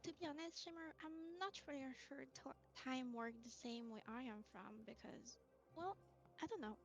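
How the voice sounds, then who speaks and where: A woman's voice: high voice, moderate pace. A woman playing a polite, unsure female adventurer with a French accent in a tabletop role-play, hesitating and searching for words. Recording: dull lo-fi mic.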